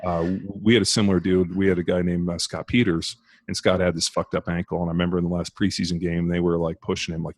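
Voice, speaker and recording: A man's voice: low voice, flat delivery, dry recording. A man, a former pro football player, telling profane stories in casual podcast talk. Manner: profane, rapid storytelling.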